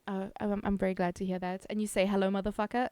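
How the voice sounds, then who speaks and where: A woman's voice: mid-range voice, little pitch movement, fast talker, mellow, no room sound. A South African woman streamer chatting casually with her viewers, giggly and self-teasing. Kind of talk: casual chat reading viewer messages.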